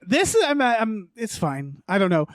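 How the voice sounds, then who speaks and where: A man's voice: sits high, very animated, unhurried, no room sound, studio quality. A man co-hosting a podcast, musing hesitantly about movies with frequent stammers. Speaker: podcast co-host. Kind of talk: casual movie chat.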